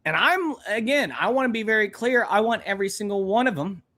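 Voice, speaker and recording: A man's voice: high voice, lively intonation, a little fast, bright, forceful tone. Profane ranting male stream host. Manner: angry, profane, blunt ranting. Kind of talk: ranting live stream commentary.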